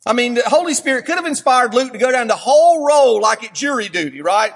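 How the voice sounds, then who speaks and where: A man's voice: very high-pitched, lively intonation, quick pace, husky, long reverb tail. A man preaching a sermon to his congregation, pressing his points home with emphatic, direct address. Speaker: pastor. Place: church sanctuary.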